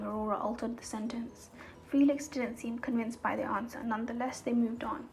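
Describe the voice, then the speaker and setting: A woman's voice: on the high side, steady tone, a little fast, rough recording. Woman narrating a storybook over music. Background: soft background music.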